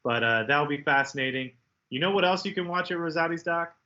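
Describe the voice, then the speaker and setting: An animated man co-hosting a casual sports podcast, with a bright, slightly high voice. He runs through his betting picks with loose, joking energy. The audio sounds a little dull and lo-fi. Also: fairly quick. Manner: animated, mimics people in loud outbursts. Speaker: podcast co-host.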